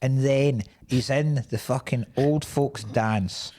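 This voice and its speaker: A man's voice: mid-range voice, takes it slowly, dark tone. A man co-hosting a podcast, chatting casually about a film, laughing often and acting out quotes. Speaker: podcast co-host.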